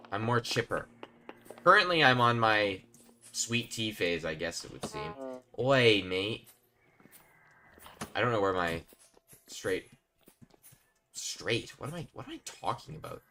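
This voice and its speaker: Bright, chatty gaming streamer man. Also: lowish voice, lively intonation, moderate pace. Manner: chatty, rambling, talks to chat while playing. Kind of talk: casual live-stream gameplay commentary.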